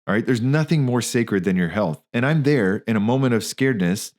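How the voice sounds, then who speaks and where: A man's voice: medium pitch, lively intonation, a little fast, a little mellow. A man in his thirties hosting a podcast, telling personal stories in a candid, slangy, emphatic way. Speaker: podcast host, physician and practice owner. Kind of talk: casual spoken monologue.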